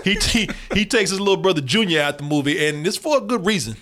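A man hosting a casual movie review chat, talking in an animated, profane way and laughing often. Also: high-pitched, quick pace, noisy background. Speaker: movie review show host.

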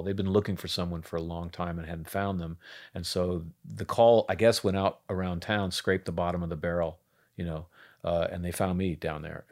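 A man's voice: low voice, creaky. A man talking as a guest actor on a podcast, laid-back and wry, rambling through stories. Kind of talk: casual interview chat.

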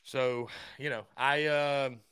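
A young man hosting a call-in sports talk show, high-energy and rambling, often stumbling over his words as he gets worked up. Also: fairly even intonation, slow pace, a bit bright, smooth, dry recording, studio quality. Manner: stammering restarts. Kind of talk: call-in sports radio chat.

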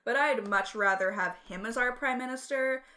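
A woman's voice: fairly high pitch, normal speed, pushed and bright. A young Canadian woman co-hosting a podcast in casual chat, blunt and snarky. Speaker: podcast co-host.

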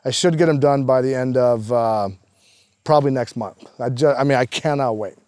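A man, a professional golfer, guesting on a casual podcast, telling animated, profanity-laced stories. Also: medium pitch, moderate pace, no echo, studio quality.

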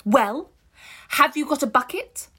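A woman voicing a tall, angry, desperate British woman with a British accent, shouting and pleading urgently in an audiobook reading. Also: high-pitched, lively intonation, unhurried, voice pushed up, full character voice. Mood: frantic pleading.

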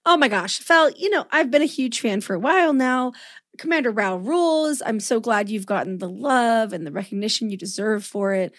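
Husky-voiced gushing woman podcast host. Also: on the high side, lively intonation, moderate pace, no room sound, clean studio sound. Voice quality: slightly husky. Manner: gushing, jokey, swears casually. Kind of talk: casual podcast chat and outro.

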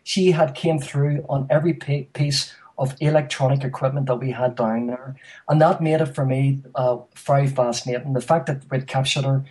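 A man's voice: medium pitch, fairly even intonation, moderate pace, darkish tone, low-quality recording. A man, a paranormal investigator, answering interview questions hesitantly with many ums and restarts. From Ireland. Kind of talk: casual radio interview.

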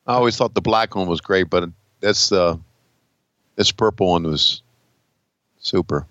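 A man's voice: sits low, normal speed, fairly bright tone, no room sound, highs cut off. A man co-hosting a podcast, chatting casually and agreeably while watching wrestling.

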